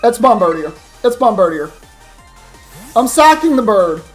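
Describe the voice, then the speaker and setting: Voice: mid-range voice, big pitch swings, unhurried, soft background music. A young adult streamer giving rambling, casual commentary while playing a game, swearing now and then. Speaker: streamer playing a Pokemon challenge run. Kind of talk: casual let's-play commentary.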